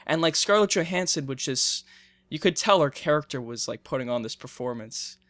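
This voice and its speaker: A man's voice: a little high, expressive, fairly quick, fairly bright tone, no echo. A man co-hosting a podcast, chatting about films casually, swearing and laughing often. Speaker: podcast co-host. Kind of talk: casual film discussion.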